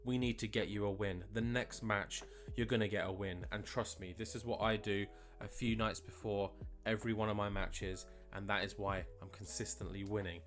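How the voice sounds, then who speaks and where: Cocky wrestler bragging, read out by a low-voiced man. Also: steady tone, normal speed, hardly any pauses, soft background music, lightly acted. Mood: boastful. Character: cocky male wrestler giving pep talk.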